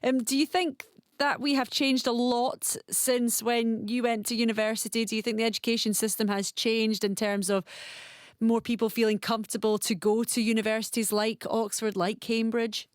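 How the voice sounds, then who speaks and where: A woman's voice: on the high side, little pitch movement, moderate pace, no echo, studio quality. A woman presenter interviewing a guest, asking polite, encouraging questions. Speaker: radio presenter.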